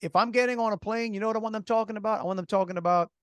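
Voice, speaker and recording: A radio co-host with a high, steady voice races through animated stories on casual talk radio, laying on heavy sarcasm and restarting often. His tone is clean, and the studio recording is dry and clean.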